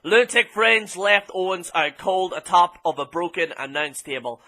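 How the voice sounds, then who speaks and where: A man's voice: high voice, expressive, moderate pace, pushed and bright. An Irish man reviewing a wrestling show in a blunt, sweary, casual rant full of ums. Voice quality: blunt, sweary, filler-heavy with many ums.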